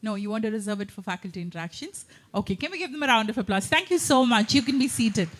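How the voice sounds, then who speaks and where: Higher-pitched woman moderator. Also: expressive, fast talker. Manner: warm thanks, prompts for questions and applause. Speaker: session host. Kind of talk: stage moderation.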